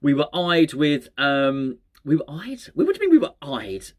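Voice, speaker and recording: A man's voice: a little high, huge pitch swings, moderate pace. A man hosting a fan channel, chatting casually on his own about transfer rumours, with rambling, self-mocking asides and plenty of restarts. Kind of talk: casual solo football chat.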